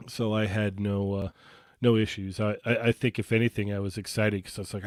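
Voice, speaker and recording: Low-voiced man hosting casual chat. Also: brisk, no echo. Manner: relaxed, agreeable, hesitant restarts, asks others questions. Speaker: co-host of a toy collecting show. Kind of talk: casual live podcast chat.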